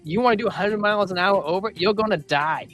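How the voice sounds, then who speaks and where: Male livestream co-host, higher voice, rambling and jokey, soft music bed behind him. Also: quick pace. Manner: rambling, joking, reads chat aloud. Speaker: crypto show co-host. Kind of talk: casual livestream chat.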